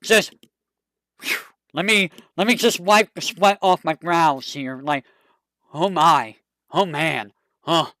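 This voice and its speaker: A streamer chatting casually to a live audience, rambling and excitable with a fond tone. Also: mid-range voice, slow pace, pauses often, dry recording, clean studio sound.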